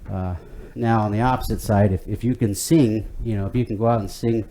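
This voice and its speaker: Low, mellow male fitness instructor. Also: steady tone, brisk, slight background noise. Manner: easygoing, chatty, many fillers and restarts. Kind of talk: guided workout instruction.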